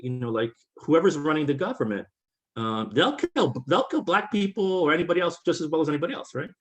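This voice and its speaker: A man from Puerto Rico, speaking as a guest on a webinar, reflective and conversational, often checking in with "right?". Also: on the high side. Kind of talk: webinar talk. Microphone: video call.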